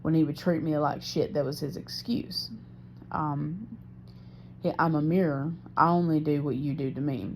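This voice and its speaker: A woman's voice: sits low, fairly even intonation, normal speed, darkish tone, slight background noise. A woman recording a personal audio diary, venting her frustration about her partner and swearing heavily. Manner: profane, frustrated, heavy swearing. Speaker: diarist.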